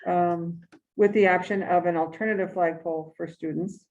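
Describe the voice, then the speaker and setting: A fairly low-voiced woman walks a committee through a list of options, stopping and restarting with many fillers. The sound is dull and lo-fi. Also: fairly even intonation, a little mellow. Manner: halting, lots of fillers, walking through options. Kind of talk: meeting discussion. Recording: dull lo-fi meeting recording.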